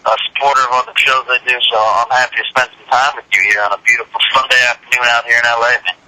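A man's voice: medium pitch, steady tone, racing, sharp tone, rough recording. A man speaking as a podcast guest, upbeat, with a radio announcer's delivery. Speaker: podcast guest, digital broadcaster. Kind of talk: casual interview. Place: Los Angeles.

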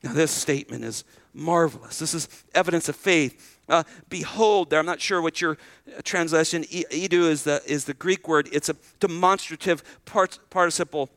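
Bright-voiced, high-pitched pastor preaching. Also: male voice, moderate pace, dry recording. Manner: conversational preaching, rhetorical questions to the congregation; repeats words when starting sentences. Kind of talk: sermon.

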